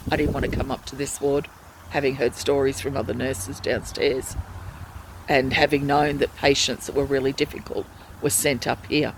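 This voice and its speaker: A woman's voice: extremely low pitch, level tone, moderate pace, background noise. A woman speaking in a personal video diary from a hospital ward, retelling in a distressed, pleading way how she has been treated. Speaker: hospital patient vlogger.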